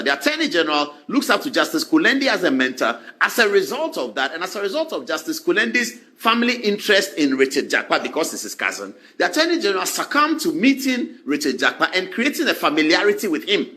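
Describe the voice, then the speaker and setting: Animated man commentating. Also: sits high. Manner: acts out quoted dialogue in shifting voices. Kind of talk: animated talk-show commentary.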